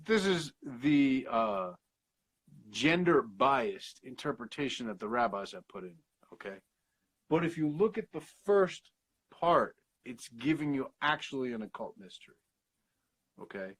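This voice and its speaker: Husky man teaching scripture casually. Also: mid-range voice, rough recording. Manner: explains slowly, sounds out Hebrew words, swears casually. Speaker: Bible study host.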